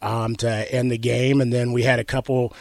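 A man's voice: medium pitch, flat delivery, moderate pace, vocal fry, no echo. A man in his forties hosting a morning radio show in a studio, chatting casually with many ums and easy laughs. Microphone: studio microphone.

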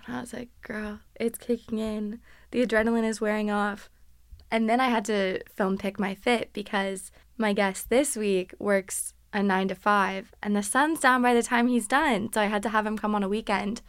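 A woman hosting a podcast, telling stories in a casual, animated, sarcastic way and laughing often. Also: mid-range voice, normal speed, clear, resonant tone, no room sound, clean studio sound. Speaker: podcast host. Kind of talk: casual storytelling monologue.

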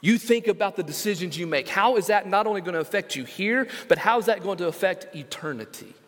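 A male senior pastor preaching a sermon, stressing scripture slowly and calling out to the congregation. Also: high-pitched, expressive, fairly bright tone, in a large hall. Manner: emphatic, slows down to stress scripture; engages congregation with call-outs.

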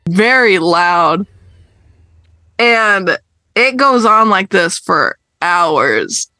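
A woman's voice: medium pitch, extremely slow, no echo. A young woman casually telling a story on a podcast, acting out the other people in it. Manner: animated, acts out other people's voices.

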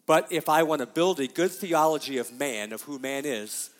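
A man's voice: a little high, animated, normal speed, big-room sound. A middle-aged man preaching a sermon as pastor, emphatic and often asking his congregation questions.

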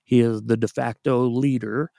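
Guy in his 30s, podcast guest: heavy vocal fry, talkative, dry close mic. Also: medium pitch, steady tone, normal speed, dry recording. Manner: warm, chatty, laughs often. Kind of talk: casual chat.

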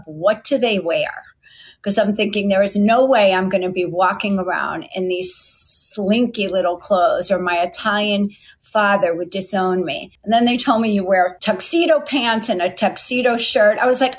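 A middle-aged woman, a company founder, telling a long story from her past in a chatty, lively way, acting out the voices of people she quotes. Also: mid-range voice, normal speed. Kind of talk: storytelling interview answer.

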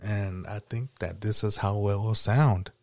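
A man's voice: on the low side, steady tone, unhurried, a little mellow, no room sound, studio quality. A man hosting a podcast, chatting casually and nostalgically, rambling with lots of fillers and swearing. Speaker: podcast host.

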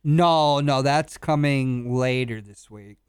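Male radio sidekick, smooth and dry, laid-back mumbler. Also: mid-range voice, slow, no room sound. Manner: mumbling, laid-back, keeps saying yeah. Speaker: radio co-host and guest. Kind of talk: casual talk radio banter.

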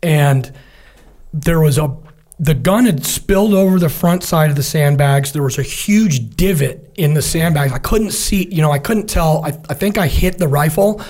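A middle-aged man with a somewhat higher voice tells a combat story as a guest in conversation. He talks in a casual, vivid way and quotes his comrades in animated snippets. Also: normal speed. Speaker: military veteran guest.

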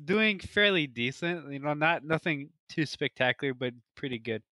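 A bright, forceful man with a fairly high voice, rattling off football stats in a casual podcast chat. He gets excited and restarts his sentences. The sound is dry and close. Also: normal speed, dry recording. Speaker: podcast co-host.

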